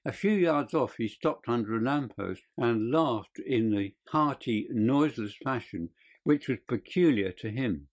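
Man narrating in a steady voice. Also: mid-range voice. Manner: steady, measured storytelling. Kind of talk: audiobook narration.

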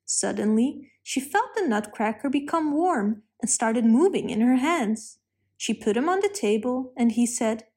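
A woman narrating a children's storybook in a calm, clear read-aloud manner. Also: fairly high pitch, a little slow.

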